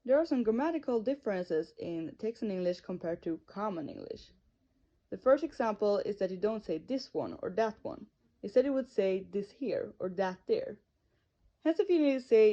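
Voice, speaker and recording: A woman's voice: mid-range voice, expressive, moderate pace, mellow. Young woman reading a school talk. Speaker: student presenter. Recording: dull lo-fi recording.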